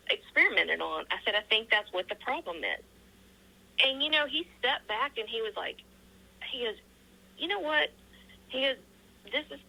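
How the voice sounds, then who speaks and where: Bright-voiced woman telling her story. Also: mid-range voice, low-quality recording. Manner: storytelling, acts out quoted dialogue; frequent ums, earnest. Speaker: interview guest. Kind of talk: casual interview answers.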